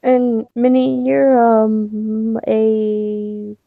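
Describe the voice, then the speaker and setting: A woman's voice: a little high, level tone, extremely slow, creaky, dry recording. A woman playing her character in a tabletop game, talking casually and hesitantly with many fillers. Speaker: tabletop player. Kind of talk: in-character role-play chat. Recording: tinny dry phone-like line.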